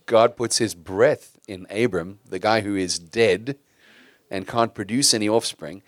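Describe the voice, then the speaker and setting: A man's voice: low voice, slow, dry recording. A middle-aged man preaching a sermon in a conversational style, asking his congregation rhetorical questions. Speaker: pastor.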